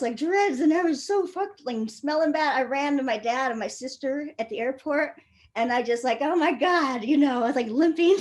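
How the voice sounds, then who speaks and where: Young woman, storyteller, casual, laughs a lot, swears, slightly high voice. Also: a little mellow. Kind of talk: live personal storytelling.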